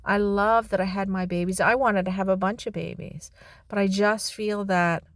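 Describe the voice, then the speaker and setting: Middle-aged woman, reflective vlog talk, halting and heartfelt, dry close sound. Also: medium pitch, fairly even intonation, no room sound. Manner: halting, heartfelt, with sighs and restarts. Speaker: vlogger.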